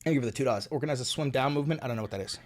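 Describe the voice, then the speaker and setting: A man's voice: mid-range voice, racing. A young man hosting a political livestream, ranting angrily with profanity and lots of repetition. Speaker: livestream host.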